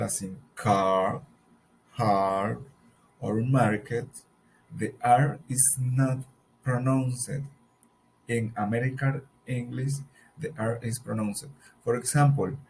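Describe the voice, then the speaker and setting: Slow, careful man teaching a lesson. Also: medium pitch, darkish tone, slight background noise, poor audio. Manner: careful, halting explanation with pauses and repeated example words. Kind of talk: recorded mini lesson on pronunciation.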